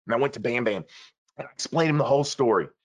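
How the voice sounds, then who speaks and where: A man telling a story in an interview, earnest and urgent, acting out the dialogue of the people in it with big jumps in pitch and loudness. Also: fast. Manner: animated, acts out quoted dialogue with big shifts in pitch and loudness.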